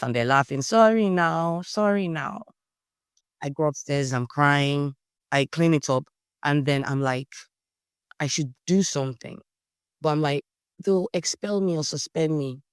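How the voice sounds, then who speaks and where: A young woman with a Nigerian accent, a podcast guest telling lively personal stories in casual conversation and acting out the voices in them. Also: low voice, dry recording, clean studio sound. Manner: animated storyteller, acts out quotes, Nigerian slang. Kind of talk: storytelling in casual interview.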